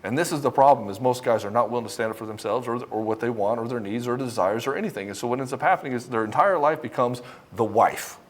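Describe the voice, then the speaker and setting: A man's voice: mid-range voice, quick pace, few pauses. A man coaching other men on relationships, talking straight to the camera in a blunt, confrontational way, swearing often and mimicking the men he criticizes. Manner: mocks men by mimicking them. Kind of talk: direct-to-camera coaching talk.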